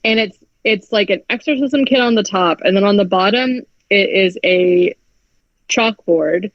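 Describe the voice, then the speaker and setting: A woman co-hosts a podcast, recapping a movie in casual chat with lots of "like" filler and frequent swearing. Her voice sits in the mid range and she speaks unhurriedly. The recording is dry, dull lo-fi podcast audio.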